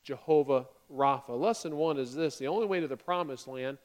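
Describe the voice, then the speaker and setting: A male pastor with a mid-range voice preaches to his congregation in a lively, playful way. He acts out the grumbling Israelites in quick, excited bursts.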